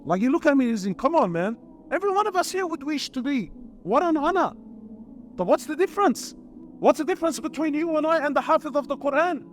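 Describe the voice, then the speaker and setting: A man's voice: extremely high pitch, animated, quick pace, faint music behind. A middle-aged man giving an impassioned sermon to a live audience, firing rhetorical questions and calling listeners brother. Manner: passionate, addresses crowd as brother, rhetorical questions. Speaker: preacher. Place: lecture hall before an audience.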